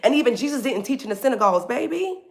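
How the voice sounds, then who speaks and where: A woman's voice: on the high side, lively intonation, rapid-fire. A woman hosting a faith talk livestream, preaching casually and animatedly, calling her listeners "baby".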